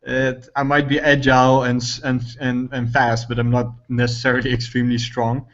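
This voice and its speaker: A man's voice: medium pitch, little pitch movement, moderate pace, highs cut off. Rambling male tabletop player. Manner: rambling, many restarts. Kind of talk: casual tabletop play.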